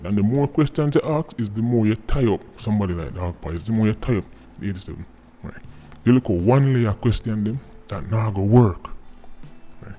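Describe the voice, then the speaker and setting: Speaking quickly in a warm, fairly low voice, a Jamaican-accented man mocks his subject in casual patois commentary. His delivery is animated, "right?" gets tagged onto line after line, and music sits faintly underneath.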